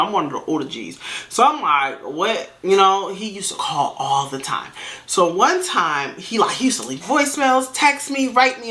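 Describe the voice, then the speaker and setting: A woman vlogger rambling through a storytime tale, correcting herself and breaking off for asides. Her voice is bright and clear, and her pitch jumps up and down as she tells it. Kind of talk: storytime vlog.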